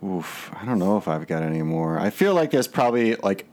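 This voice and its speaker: Animated man in casual banter. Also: low voice, a little fast, slight background noise. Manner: lively, swears, laughs easily. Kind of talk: casual chat.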